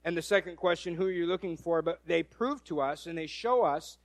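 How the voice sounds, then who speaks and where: A man preaching a sermon, his voice sitting noticeably high for a man. He retells the story with animation, slips into quoted voices and often restarts his phrases. The sound is close and dry, with no room around it. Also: brisk, no echo.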